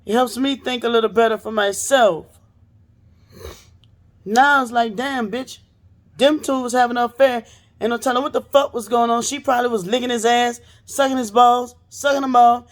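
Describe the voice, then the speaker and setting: A woman's voice: on the high side, steady tone, normal speed. A woman host telling a story in casual chat, profane and blunt, acting out what others said.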